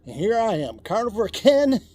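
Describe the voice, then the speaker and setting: Chuckling older man vlogging, husky voice. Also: high-pitched, very animated, normal speed, a little mellow, dry recording. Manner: chuckling, chatty, rambling. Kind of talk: casual vlog chat. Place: outdoor cold plunge tub.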